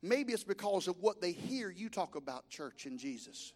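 Man preaching a sermon with a very high voice, storytelling and exhorting. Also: very animated, normal speed. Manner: storytelling and exhorting, rising to shouts. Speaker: pastor.

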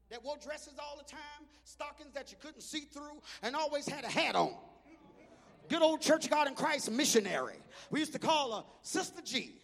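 Shouting preacher man, very high gravelly voice, big hall reverb. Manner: shouting, rhythmic. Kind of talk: storytelling sermon.

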